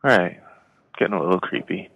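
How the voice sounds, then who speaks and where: Player, male, gravelly low voice, hesitant and chuckling. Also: fairly even intonation, fast talker, dull audio. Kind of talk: casual chat at a game table.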